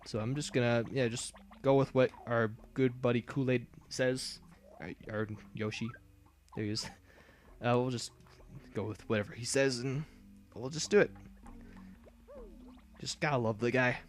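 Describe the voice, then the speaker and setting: A man's voice: medium pitch, fairly even intonation, moderate pace. Brief: laid-back male let's-player, loose and chatty. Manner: rambling, with restarts and fillers. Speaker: gaming video host. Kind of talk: casual let's-play commentary.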